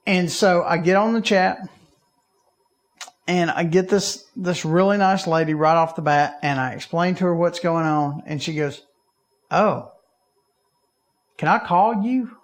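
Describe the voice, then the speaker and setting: A man's voice: a little high, moderate pace. A man, co-hosting a podcast and telling a story in casual chat, acting out the people he quotes. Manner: animated, acts out quoted people in raised voices. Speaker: podcast co-host.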